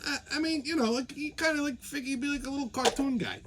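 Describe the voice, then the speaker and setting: A man's voice: very high voice, quick pace, background noise. A male show host delivering a comedic rant in a profane, sarcastic, rambling way.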